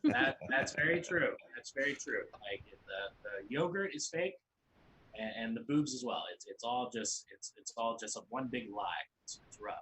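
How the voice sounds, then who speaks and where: A man's voice: medium pitch, sing-song, normal speed, pushed and bright, a little hiss or hum, rough recording. A man hosting an online comedy show, rambling and often repeating his words. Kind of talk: casual hosting banter.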